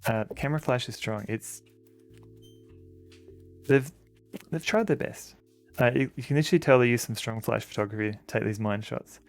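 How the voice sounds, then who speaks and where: Gravelly-voiced Australian man streaming. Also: medium pitch, moderate pace, long pauses, faint music behind. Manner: rambling, chatty, fond baby-talk to dogs. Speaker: game streamer. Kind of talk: casual live-stream chat. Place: home room with dogs.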